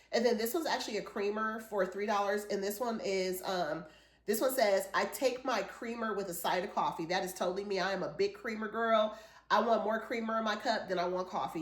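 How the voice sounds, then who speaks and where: A woman in her forties chatting casually through a shopping haul, rambling and enthusiastic. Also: mid-range voice. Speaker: haul vlogger. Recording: echoey room.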